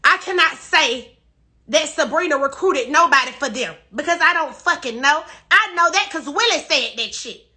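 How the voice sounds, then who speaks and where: A woman's voice: sits high, animated, moderate pace, sharp tone. A woman crying while she rants defensively and profanely on a phone livestream, repeating herself. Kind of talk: emotional live-stream rant.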